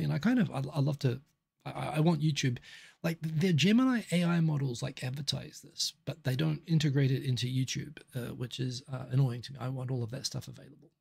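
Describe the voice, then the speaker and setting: Kiwi guy in his 40s-ish doing a chatty live stream, reads out viewer comments, really gravelly raspy voice. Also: mid-range voice, a little mellow. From New Zealand. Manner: chatty, reacting to viewer comments as they arrive. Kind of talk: casual live stream chat.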